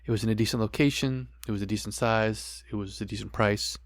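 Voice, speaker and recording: Middle-aged man, lowish voice, earnest testimony, dry close recording. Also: fairly even intonation, fast talker, no echo. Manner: earnest, repeats phrases, addresses listeners as folks. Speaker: podcast host. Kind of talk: personal testimony, preaching to listeners.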